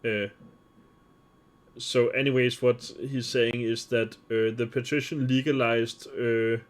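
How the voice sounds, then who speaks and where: Male game streamer, mid-range voice, halting live commentary. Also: mid-range voice, little pitch movement. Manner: hesitant, many filler sounds.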